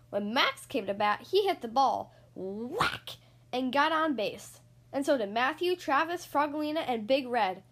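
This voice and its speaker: Woman reading a kids book out loud, high voice, sing-songy and slow. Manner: expressive, sing-song narration. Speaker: podcast host reading aloud. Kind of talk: children's storybook read-aloud.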